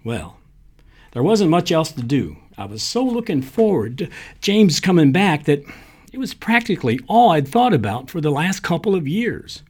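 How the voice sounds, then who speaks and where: Guy reading a short story out loud, husky voice, lots of ups and downs. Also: fairly high pitch, moderate pace. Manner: lively storytelling, voicing characters' lines. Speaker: narrator. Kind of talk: reading short fiction aloud.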